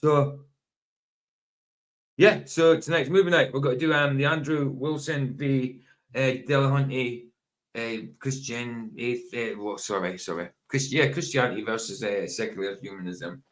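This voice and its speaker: A man hosting a casual livestream chat, talking in a halting way with many pauses, fillers and self-corrections. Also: mid-range voice, steady tone, fairly bright tone. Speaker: livestream host.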